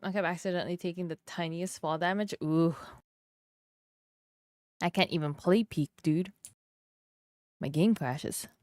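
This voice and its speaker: A woman's voice: on the low side, a little slow, long pauses, a little mellow, dry recording, clean studio sound. A woman from Canada chatting casually with her stream viewers while she draws, laughing often and asking them questions.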